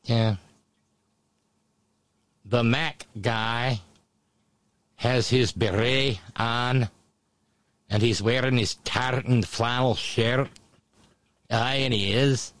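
A man hosting a show, giving mocking commentary on audio clips with sudden high exclamations. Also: steady tone, drawn-out words, pauses often, fairly bright tone, dry recording. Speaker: show host. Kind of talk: sarcastic commentary over played audio.

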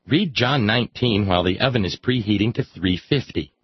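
A man reads aloud in a sardonic comic style, dropping wry, mock-solemn asides. His voice is fairly low and slightly rough at a moderate pace, recorded dry with slightly dull lo-fi sound.

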